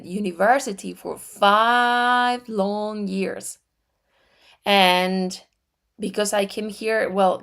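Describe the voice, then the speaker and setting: A woman in her forties with an Argentine Spanish accent, teaching metaphysics in a slow, deliberate way with frequent restarts. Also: medium pitch, gravelly. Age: 40s. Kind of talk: spiritual teaching talk.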